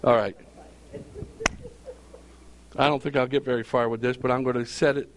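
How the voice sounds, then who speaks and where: A man's voice: mid-range voice, level tone, normal speed. A male pastor preaching a sermon, repeating phrases for emphasis and calling out questions to his congregation.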